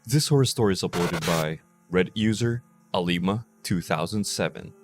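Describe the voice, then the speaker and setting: Low-voiced man narrating horror. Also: moderate pace.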